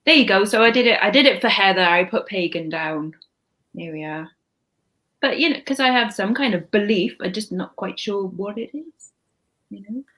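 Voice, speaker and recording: A woman's voice: mid-range voice, lively intonation, moderate pace, fairly bright tone. A woman hosting a casual live stream, chatty and blunt, swearing freely. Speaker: channel host.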